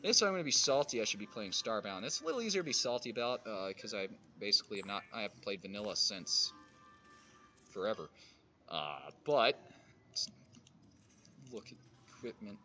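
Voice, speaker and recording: A man streaming a survival game, muttering and grumbling and swearing at creatures, with sudden loud outbursts. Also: lowish voice, big pitch swings, a little fast, long pauses. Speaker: gaming streamer. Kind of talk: casual let's-play commentary.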